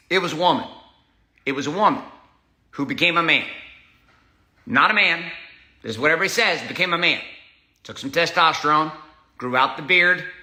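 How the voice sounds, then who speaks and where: Forceful, intense man ranting in a roomy space. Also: fairly high pitch. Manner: intense, combative, swearing often; punchy emphatic delivery with short repeated phrases. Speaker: host. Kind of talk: motivational monologue.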